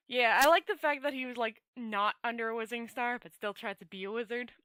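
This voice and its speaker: A woman host reading a novel aloud to her viewers in a chatty, relaxed way, stumbling and rereading words now and then. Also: on the high side, fairly quick, dry recording. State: dry throat. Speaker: storyteller host. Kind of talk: reading a novel aloud, casual sign-off chat.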